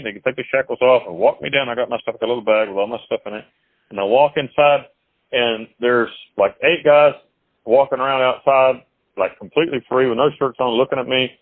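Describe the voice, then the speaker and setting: A man's voice: mid-range voice, no echo. A man being interviewed as an author, talking in a blunt, rambling, casual way over a phone call. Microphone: phone call from jail. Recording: tinny phone line.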